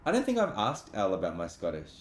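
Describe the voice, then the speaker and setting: A man's voice: lowish voice, wildly swooping pitch, fast talker. An easygoing Australian man, a voice actor, chatting casually on a couch during a livestream. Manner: easygoing, rambling. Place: on a couch indoors. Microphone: camera or phone on a livestream. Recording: roomy echo, faint ambient noise.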